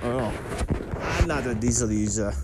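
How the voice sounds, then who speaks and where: A man's voice: medium pitch, normal speed, heavy background noise. A man co-hosting a casual chat outdoors on a ski chairlift, talking in laid-back bro slang with hyped exclamations. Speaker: podcast co-host.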